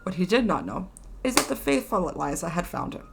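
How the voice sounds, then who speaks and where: Gravelly-voiced woman reading a story. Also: fairly low pitch, sing-song, fairly quick, music in the background. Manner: chatty, indignant asides between passages. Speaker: streamer reading aloud.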